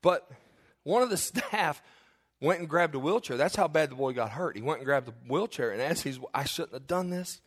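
A man's voice: on the high side, lively intonation, moderate pace, husky. A male pastor preaching a sermon in church, telling confessional, humorous stories to his congregation.

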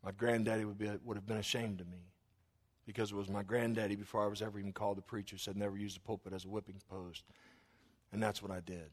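A middle-aged man preaching a sermon, earnest and apologetic, growing louder when he stresses a point. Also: on the low side, level tone, fast talker. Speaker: pastor.

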